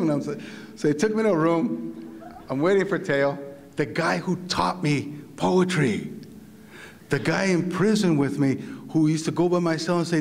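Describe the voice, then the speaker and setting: A middle-aged man telling a story to an audience, animated and laughing, acting out other people's voices. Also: on the high side, a little fast, creaky. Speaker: visiting writer giving a talk. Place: large hall. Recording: long hall reverb.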